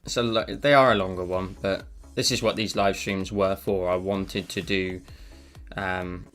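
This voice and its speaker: A man's voice: deep voice, fairly even intonation, unhurried, fairly bright tone, faint music behind. A man chatting casually on a live stream while he draws, rambling with self-deprecating asides into a desk mic. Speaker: live-streaming digital artist.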